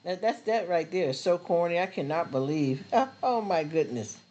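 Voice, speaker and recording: Casting: man, live stream host, blunt and animated, high voice, street slang. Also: moderate pace. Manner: animated, blunt street talk, repeats words. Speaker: livestream host. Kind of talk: casual live stream chat.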